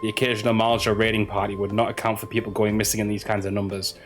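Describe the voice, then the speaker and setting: An earnest male investigator from a fantasy game, read aloud by a man in a fairly low voice. He lays out his reasoning plainly, tripping over a word here and there, with faint music underneath. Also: flat delivery, very fast, close to an everyday voice. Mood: steady. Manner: reads quest dialogue aloud, stumbling on words.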